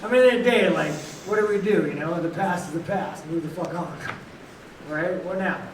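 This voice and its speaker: A man's voice: sits high, a little fast. A man answering questions at a post-fight press conference, blunt and profane, rambling from one thought to the next. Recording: echoey room, heard from a distance, faint noise.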